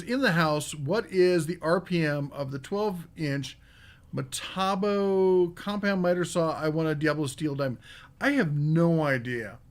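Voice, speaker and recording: Chatty man hosting a live tool show. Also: fairly high pitch. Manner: casual and rambling, with many fillers. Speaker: podcast host. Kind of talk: live stream chat, reading viewer comments.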